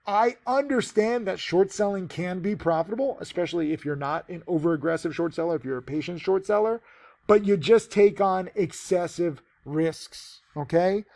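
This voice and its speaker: A man's voice: high voice, moderate pace, creaky, a little mellow. A man teaching penny stock trading, giving a casual, rambling trade recap with many fillers.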